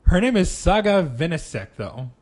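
A man's voice: sits high, big pitch swings, normal speed, a little mellow. A man co-hosting a podcast, reading out a news story and trading dry, crude, teasing banter. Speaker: podcast co-host.

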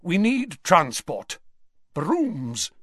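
A man voicing a weakened, elderly wizard who stays calm and in command, speaking slowly and quietly. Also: fairly high pitch, no echo, studio quality, pitched above the performer's own voice, exaggerated voice.

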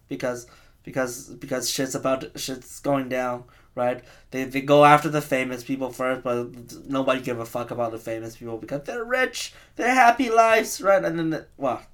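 A man's voice: medium pitch, fairly bright tone. A man in his twenties, host of a podcast, ranting casually in a rambling, profane, self-mocking way. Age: 20s.

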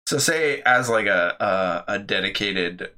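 A man's voice: on the low side, expressive, a little slow, bright, forceful tone. A young man co-hosting a podcast in casual chat, laughing often and telling stories in rambling restarts. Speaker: podcast co-host.

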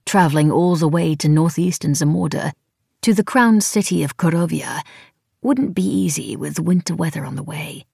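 A woman narrating a novel in the first person, with wry, even storytelling. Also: sits low, moderate pace, creaky, breathy edge, dry recording, studio quality. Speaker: audiobook narrator.

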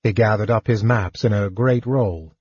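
Husky guy reading an audiobook, slow and measured, dull lo-fi sound. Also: lowish voice, darkish tone, no room sound. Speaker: audiobook narrator. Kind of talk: audiobook narration. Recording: dull, dry lo-fi recording.

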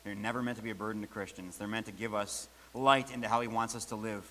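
Male preacher, bright forceful tone, emphatic repetition, long church reverb. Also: fairly low pitch, fairly even intonation, fast. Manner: emphatic, repeats key phrases. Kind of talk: sermon.

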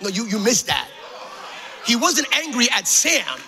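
A man preaching a sermon with passion, repeating phrases, joking in asides and building up to shouts. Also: very high-pitched, very animated, unhurried, creaky, slight background noise.

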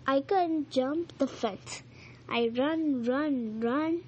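A woman reading a children's storybook aloud, halting now and then with slips and rereads. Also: high-pitched, darkish tone, highs cut off. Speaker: reader.

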